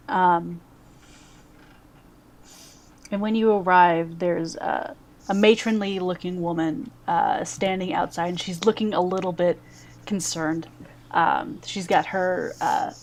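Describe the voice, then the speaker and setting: A woman narrating a tabletop game as game master, describing scenes in a halting way with frequent pauses. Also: fairly low pitch. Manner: halting, many fillers and restarts while describing scenes.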